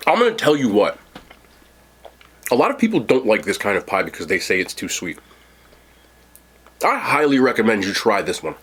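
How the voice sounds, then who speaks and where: Husky dude doing a mukbang, talks while eating, real lively up and down voice. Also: male voice, on the low side, moderate pace, pauses often. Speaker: food reviewer host. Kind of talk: casual mukbang food review. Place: seated indoors at home.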